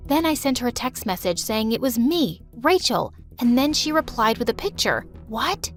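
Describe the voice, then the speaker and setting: A young woman narrating an animated teen drama in first person, emotional and expressive. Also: fairly high pitch, faint music behind. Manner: emotional, quick shifts to outbursts. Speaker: narrator and lead teen girl.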